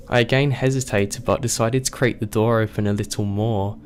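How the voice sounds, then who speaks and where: A man reading a scary story aloud as scripted narration, telling it slowly and with suspense. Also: fairly low pitch, a little hiss or hum.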